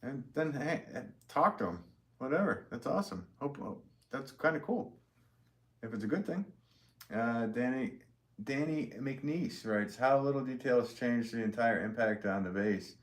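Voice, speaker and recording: A man's voice: mid-range voice, lively intonation, unhurried. A middle-aged man hosting a live pottery stream, rambling in a friendly way and reading viewers' comments aloud as he shows his pots. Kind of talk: casual live-stream chat and demonstration.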